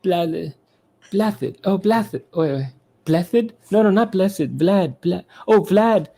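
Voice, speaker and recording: A man doing a high, breathy pop-star impression. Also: animated, takes it slowly, dark tone, full character voice. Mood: puzzled. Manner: whiny, frantic calling out to his brothers. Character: famous pop singer, adult man, fretful and breathless.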